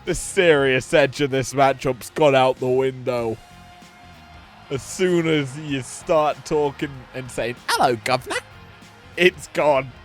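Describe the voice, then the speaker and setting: A man's voice: mid-range voice, steady tone, takes it slowly, faint music behind. A male commentator with a middle-range voice calls the action in a casual, joking way. He takes his time, drifting into offhand quips between the plays.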